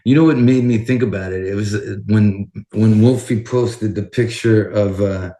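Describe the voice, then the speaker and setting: A man, a guitarist guest, tells casual stories in an interview and acts out each side of the conversations, swearing now and then. His voice sits fairly low. The sound has a noticeable echo of the room. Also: normal speed, warm tone. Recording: roomy echoing sound.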